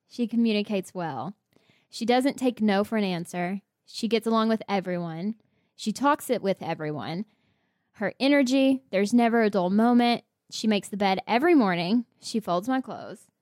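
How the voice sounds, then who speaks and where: A woman's voice: medium pitch, a little mellow, no room sound, clean studio sound. A young woman co-hosting a podcast, chatting casually and laughing often while she cuts in. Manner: giggly, quick to interject. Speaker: podcast co-host. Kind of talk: casual chat.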